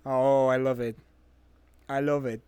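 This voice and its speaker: A man's voice: medium pitch, little pitch movement, unhurried, a little mellow, smooth, no echo. A man with a French accent, a native French speaker, chatting casually on a stream in a playful, teasing way. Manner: playful, teasing, laughs easily. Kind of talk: casual chat.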